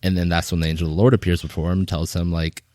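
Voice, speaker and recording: A man co-hosting a faith podcast, talking casually and retelling Bible stories with lively quoted voices. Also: low voice, very fast, slight background noise. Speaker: podcast co-host.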